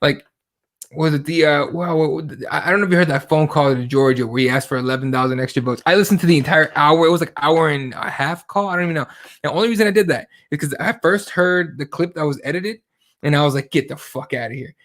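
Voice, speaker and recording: A man's voice: fairly high pitch, quick pace, a bit bright. A man co-hosting a casual talk show, speaking heatedly and profanely, mimicking voices as he retells events. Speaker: podcast co-host. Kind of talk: casual chat about current events.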